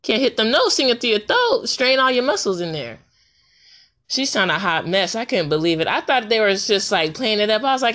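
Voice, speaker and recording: A woman talking casually into a recorder, telling a story in an animated, colloquial way and laughing often. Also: brisk. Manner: animated storytelling, jumps high for reactions. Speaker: podcaster. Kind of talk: casual monologue. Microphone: handheld recorder.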